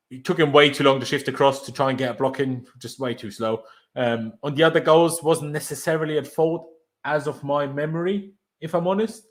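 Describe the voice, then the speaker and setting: Laid-back man hosting a fan chat. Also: medium pitch. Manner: relaxed, laid-back, often trails off quietly. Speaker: podcast host leading player ratings.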